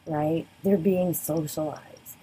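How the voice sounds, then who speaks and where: A woman's voice: fairly even intonation, slow, dark tone, husky, low-quality recording. A woman giving a sociology lecture in a conversational way, often checking in with "right?" and acting out quoted voices. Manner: conversational, keeps asking "right?"; acts out quoted voices with big pitch jumps. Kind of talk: recorded lecture. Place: the Bay Area.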